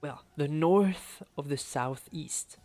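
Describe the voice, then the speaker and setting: A man's voice: on the high side, slow pace, a little mellow, faint music behind. A man from France with a French accent, chatting casually and laughing often as he streams a speedrun. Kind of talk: casual live-stream commentary.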